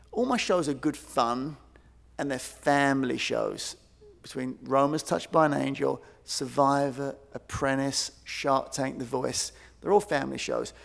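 A man giving a conference keynote, telling stories in an animated way and acting out quoted voices. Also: mid-range voice, vocal fry. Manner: animated, acts out quoted voices, many fillers. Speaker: keynote speaker. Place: large conference hall. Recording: long hall reverb.

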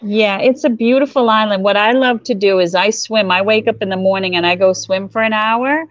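A woman's voice: mid-range voice, fairly quick. A middle-aged woman from Eastern Massachusetts with a Boston accent, chatting enthusiastically as an interview guest over lo-fi audio. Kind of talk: casual interview chat.

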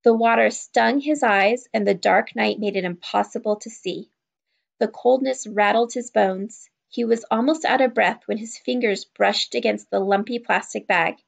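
Gravelly-voiced woman reading aloud. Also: a little high, normal speed. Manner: steady, even storytelling. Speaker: children's book reader. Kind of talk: read-aloud narration.

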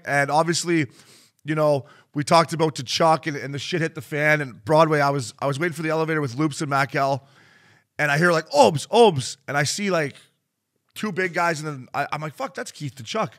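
A man's voice: fairly high pitch, fairly quick, fairly bright tone. A man in his thirties co-hosting a sports podcast, telling profane stories and retelling quotes in other voices. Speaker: podcast co-host. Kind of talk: casual sports chat.

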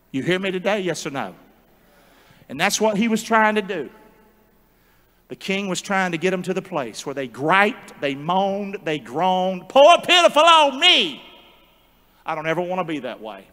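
Animated high-voiced preacher in a reverberant church. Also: male voice, normal speed. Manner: animated call-and-response, joking asides. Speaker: pastor. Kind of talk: sermon. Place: large church sanctuary. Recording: long church hall reverb.

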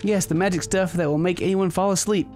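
A man's voice: high-pitched, steady tone, fairly quick, a little mellow, faint music behind, pitched above the performer's own voice, natural voice. A man voicing a creepy little girl patient who offers sleeping pills, in a sly, teasing manner.

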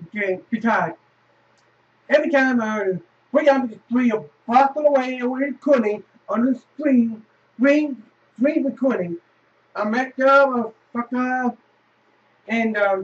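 A man giving frustrated horror game commentary, swearing with sudden loud outbursts. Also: very high voice. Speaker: gamer. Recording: roomy, distant, dull lo-fi.

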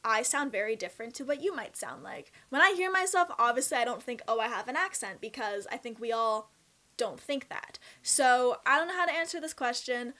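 A young Canadian woman with a Canadian accent, chatting in a casual question-and-answer vlog, bubbly and expressive. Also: on the high side, fairly quick. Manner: bubbly, chatty and expressive, with laughs and emphatic swings. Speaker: vlogger.

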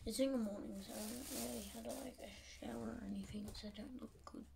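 A chatty Australian teenage girl rambles about herself while tidying her bedroom, quick and self-mocking, slipping into whispers now and then. Her voice comes from a few steps away from a phone mic. A steady hiss runs under everything. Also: on the high side, creaky, recorded from a distance. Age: teens. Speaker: vlogger.

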